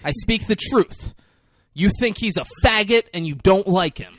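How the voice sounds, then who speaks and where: A man's voice: high voice, expressive, moderate pace, a bit bright, dry recording. A young man co-hosting a podcast, casually recapping a movie in a crude, joking way and mimicking lines. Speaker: podcast co-host.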